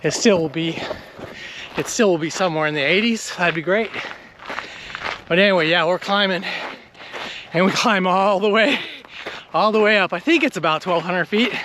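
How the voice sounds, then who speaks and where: A slightly high-voiced man talks casually to the camera as he climbs an outdoor mountain trail, breathing hard and out of breath. The recording is noisy, with clear outdoor sound behind him. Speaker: vlogger. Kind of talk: casual vlog narration while hiking.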